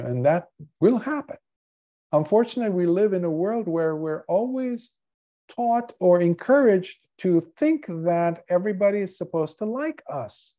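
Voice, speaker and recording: A male Buddhist monk giving a dharma talk, telling a story in an earnest, measured way. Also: high voice, dark tone. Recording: dull lo-fi recording.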